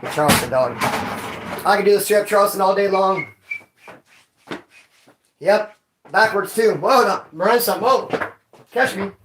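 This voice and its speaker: A man from Bakersfield, California telling rowdy stories in casual street slang to his viewers, cursing and sometimes yelling. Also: high-pitched, measured pace, long pauses, background noise. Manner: profane, animated street slang, bursts of yelling. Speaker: vlogger. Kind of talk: casual storytelling to a live chat. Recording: echoey room.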